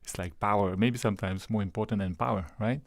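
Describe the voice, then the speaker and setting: A man from Belgium in his forties with a French-speaking accent, a radio studio guest who explains his work in a relaxed way and laughs easily. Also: lowish voice, quick pace, creaky, no room sound. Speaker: guest, country manager. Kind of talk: radio interview.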